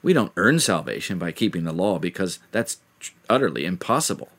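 A man's voice: deep voice, big pitch swings, brisk, fairly bright tone. A man preaching a sermon, reading scripture aloud and putting questions to the listener.

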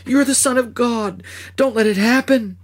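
A man playing a remorseful betrayer in a dramatic first-person monologue, speaking with a husky voice and crying out in anguish. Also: mid-range voice, expressive, normal speed. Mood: pleading. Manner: impassioned, cries out in anguish. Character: remorseful man who betrayed his master.

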